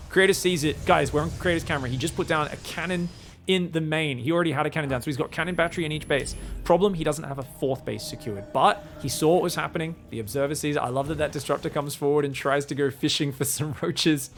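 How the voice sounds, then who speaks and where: Excitable young male esports caster. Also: fairly high pitch, fast, slight background noise. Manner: excitable, jokey, rises to shouts in fights. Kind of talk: live game commentary.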